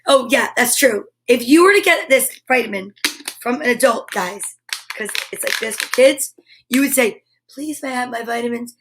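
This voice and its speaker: Woman, high voice, bubbly, exclamatory, live-stream host chatting with viewers. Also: normal speed, noisy background. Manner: bubbly, exclamatory, reads viewer comments aloud.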